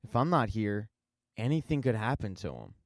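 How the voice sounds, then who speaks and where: A man reading the lines of a calm, eerie young nanny, soft and lower than his narration. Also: moderate pace, dry recording, studio quality.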